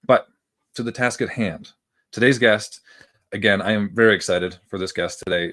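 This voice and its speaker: A man's voice: on the low side, flat delivery, normal speed, a bit bright. A man hosting a podcast interview, talking in an upbeat, enthusiastic way and making a self-mocking aside. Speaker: podcast host.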